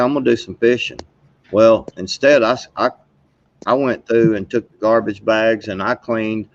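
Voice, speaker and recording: A man's voice: on the low side, no room sound. Rambling cussing guy on a livestream, dull dry audio. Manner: rambling storyteller, profane, laughs while talking. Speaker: guest caller on a live stream. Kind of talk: casual livestream chat.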